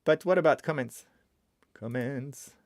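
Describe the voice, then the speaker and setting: A man talks his way through a casual live coding stream, chatty and quick to get excited. He thinks out loud, often restarting his sentences. His voice sits at an ordinary pitch and sounds dry, with no room around it. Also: no echo. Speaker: streamer teaching web development.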